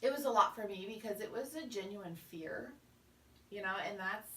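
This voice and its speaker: Mom telling a story in an echoey room. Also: female voice, mid-range voice, normal speed, pushed and bright. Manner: storytelling, acts out quotes. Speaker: podcast co-host, mother. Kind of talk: casual chat. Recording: echoey room, distant mic, faint noise.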